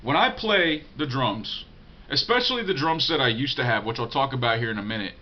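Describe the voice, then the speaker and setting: A man's voice: medium pitch, expressive, a little fast. A man talking to the camera in a loose, rambling way, swearing freely and often restarting his words as he answers a viewer's email. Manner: profane, digressive, blunt. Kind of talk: casual rambling monologue. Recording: dull lo-fi audio.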